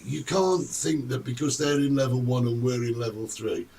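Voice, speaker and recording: A man hosting a casual live-streamed talk show, chatting in an animated, storytelling way. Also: mid-range voice, normal speed. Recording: distant mic with faint room noise.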